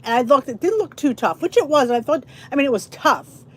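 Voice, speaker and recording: A middle-aged woman's high, slightly rough voice swings widely in pitch as she talks at a quick pace. She's hosting a casual livestream, chatting to viewers in a tired, rambling manner.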